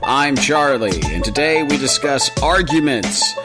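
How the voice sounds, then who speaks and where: A man's voice: medium pitch, expressive, measured pace, loud music behind the voice. A man co-hosting a comedy podcast, telling stories in crude, jokey banter and laughing often. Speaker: podcast co-host.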